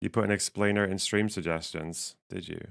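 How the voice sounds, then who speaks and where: A man live-streaming casual commentary while reading chat, his voice strained and missing its lower range, swearing and laughing as he thinks aloud. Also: steady tone, fairly quick, vocal fry.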